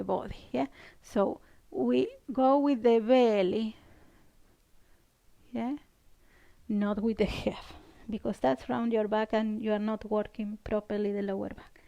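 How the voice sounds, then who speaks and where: Woman over 50, unhurried, slightly high voice, gentle yoga cueing, soft whispers. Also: lo-fi sound. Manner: gentle cueing with frequent "yeah?" checks, some whispered counts. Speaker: yoga instructor. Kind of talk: guided yoga class instruction.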